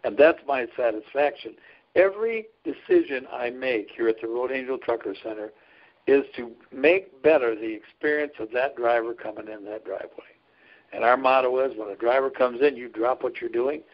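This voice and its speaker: Man, folksy storyteller, earnest, chuckles a lot, mid pitch, dull lo-fi sound. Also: normal speed. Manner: earnest, folksy, laughs often. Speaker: trucker chaplain and ministry leader. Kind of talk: storytelling in a casual interview. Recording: dull lo-fi recording.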